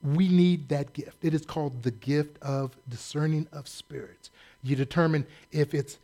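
A male pastor preaching a sermon in a blunt, sarcastic, animated storytelling manner. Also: on the high side, moderate pace. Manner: animated storytelling with acted quotes.

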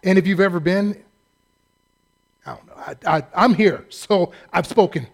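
A man with a notably high voice preaches a sermon as a pastor. He talks conversationally and mocks himself with easy humor. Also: normal speed. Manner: humorous, conversational, self-deprecating.

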